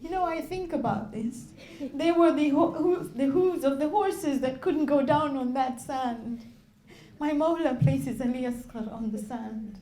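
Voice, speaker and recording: A woman's voice: high voice, measured pace, warm tone, echoey room. A woman reciting a religious sermon, impassioned and building to tearful intensity. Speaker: majlis reciter. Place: religious gathering hall.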